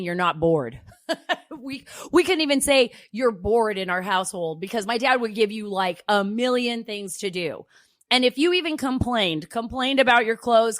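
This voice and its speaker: A woman's voice: a little high, no echo. Woman, middle-aged, talk host, emphatic, rhetorical questions, dry sound. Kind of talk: opinionated political talk.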